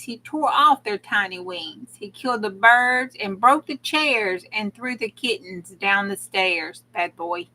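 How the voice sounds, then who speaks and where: A woman's voice: a little high, bright, forceful tone, poor audio. A woman, a crafting channel host who reads old rhymes aloud with dramatic gasps and exclamations between verses.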